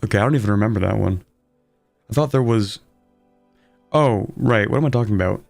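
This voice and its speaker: Sleepy, low-voiced man streaming a game. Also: brisk, vocal fry, darkish tone, dry recording, soft background music. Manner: sleepy, rambling, self-deprecating. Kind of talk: casual game commentary.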